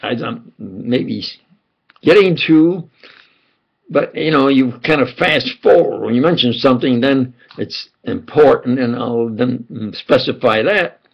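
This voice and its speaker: Gravelly, husky older man rambling. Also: a little slow, muffled recording. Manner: digressive, quotes others in dialogue, drops to low mutters. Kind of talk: rambling conspiracy monologue.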